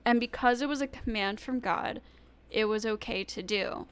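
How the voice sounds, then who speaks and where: A woman streaming live, commenting casually on a debate, halting with many ums and restarts. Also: fairly high pitch, smooth.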